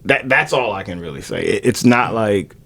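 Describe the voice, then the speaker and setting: Gravelly, swaggering married podcast guy. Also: expressive, normal speed, pushed and bright. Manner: boastful and profane, swinging between big highs and lows. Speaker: podcast co-host. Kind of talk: casual podcast chat.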